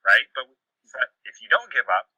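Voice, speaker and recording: Male host, very bright voice, asks follow-ups, dry sound, muffled video call. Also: mid-range voice, expressive, normal speed, husky, dry recording. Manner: guiding, asks follow-ups, laughs easily. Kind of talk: live-streamed interview.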